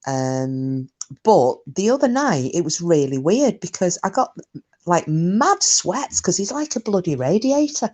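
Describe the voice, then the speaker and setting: A woman's voice: fairly low pitch, darkish tone. A woman chatting casually on a live stream, rambling through stories, answering comments and swearing mildly.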